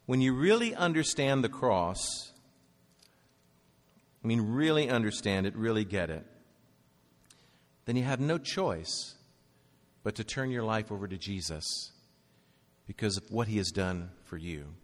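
A man preaching a sermon, moving between loud urgent peaks and hushed, slow low passages. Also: animated, long reverb tail. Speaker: pastor.

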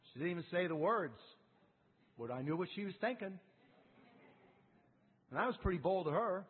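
A man's voice: high-pitched, lively intonation, normal speed, breathy edge. A man preaching a sermon, firing off rhetorical questions and acting out the quotes himself. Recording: phone-like sound with long reverb.

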